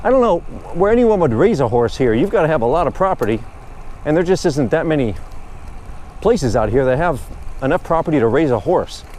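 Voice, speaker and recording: A man's voice: on the high side, big pitch swings, fairly quick, darkish tone, a little hiss or hum. A man chatting casually and rambling good-humoredly while riding his bike outdoors. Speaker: vlogger. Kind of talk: casual narration while cycling.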